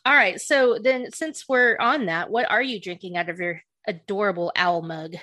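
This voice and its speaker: A woman's voice: medium pitch, normal speed, bright, forceful tone, dry recording, studio quality. A woman hosting a podcast in casual chat, chatty and laughing often. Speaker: podcast host.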